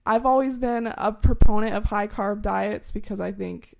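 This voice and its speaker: Chatty young woman with gravelly fry. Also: medium pitch, moderate pace. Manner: chatty, laughs often, informal explainer. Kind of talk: casual chat.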